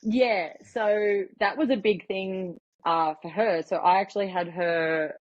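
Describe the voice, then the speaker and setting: A young Australian woman, a professional MMA fighter appearing as a podcast guest, tells stories casually, chatty and full of fillers and laughter. Her medium-pitched voice is steady and a little slow, and the podcast audio is slightly muffled.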